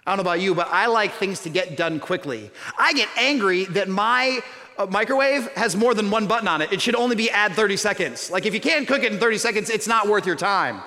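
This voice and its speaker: High-voiced, bright male pastor preaching. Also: normal speed. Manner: storytelling, animated and self-mocking. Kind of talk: sermon. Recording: reverberant hall.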